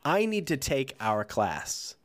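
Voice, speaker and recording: A man's voice: mid-range voice, big pitch swings, slow pace, dry recording, studio quality. A man co-hosting a comedy podcast, telling rambling, easygoing stories between jokes. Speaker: podcast co-host.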